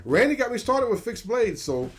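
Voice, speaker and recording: A man's voice: extremely high pitch, sing-song, normal speed, slight background noise. A man hosting a livestream, chatting casually and playfully with frequent jokes and laughs. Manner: jokey, laughs often, playful. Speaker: show host.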